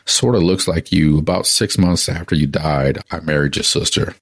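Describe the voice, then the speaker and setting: A man's voice: extremely low pitch, normal speed, creaky, no echo, exaggerated voice. A man voicing a sheepish husband who hesitantly confesses to his late wife in a sermon joke. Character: sheepish widower newly arrived in heaven.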